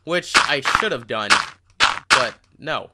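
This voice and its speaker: A man's voice: medium pitch, animated, slow. A teenage boy chatting casually while playing a game, self-mocking and tripping over his words. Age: teens. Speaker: gaming channel host. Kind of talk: rambling casual commentary over gameplay. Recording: loud hiss and mouse clicks.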